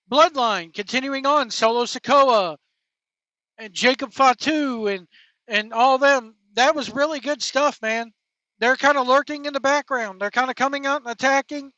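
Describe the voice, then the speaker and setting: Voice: mid-range voice, bright, forceful tone, no room sound. A wrestling show host giving casual, informal commentary with slangy, emphatic phrasing. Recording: dull lo-fi, dry.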